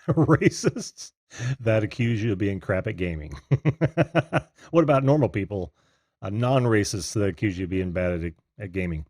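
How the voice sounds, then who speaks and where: Low-voiced, lively male host who laughs often. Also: dry recording, clean studio sound. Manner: laughs often, friendly, halting with fillers. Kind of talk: casual call-in show hosting.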